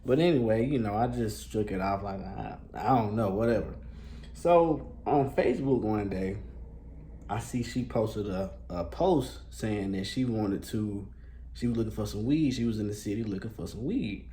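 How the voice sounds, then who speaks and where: A man's voice: lowish voice, lively intonation, moderate pace, mellow, slight background noise. A man telling a casual storytime, talking loosely in street slang with a lot of fillers and swearing. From Columbus, Georgia, US.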